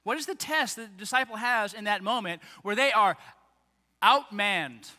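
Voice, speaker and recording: A man preaching a sermon as a pastor, animated and acting out the voices of the people he quotes. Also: high-pitched, normal speed. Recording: long reverb of a large hall.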